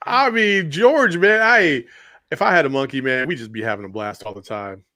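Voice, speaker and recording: A man's voice: on the high side, normal speed, bright, forceful tone. A man hosting a podcast, talking in a laid-back way and laughing easily. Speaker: podcast host. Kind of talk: casual chat.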